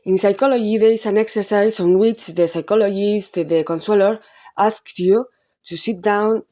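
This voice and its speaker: A woman's voice: mid-range voice, normal speed, warm tone. A woman with a Spanish accent, a film reviewer giving a casual analysis monologue who halts, rephrases and repeats words as she goes.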